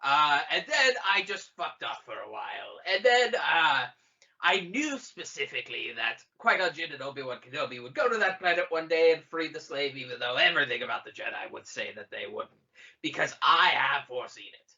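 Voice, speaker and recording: A man's voice: on the high side, big pitch swings, moderate pace, creaky, pushed and bright, muffled recording, exaggerated voice. A man doing a smug scheming villain lord. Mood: gloating. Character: scheming male sith lord villain boasting of his plans.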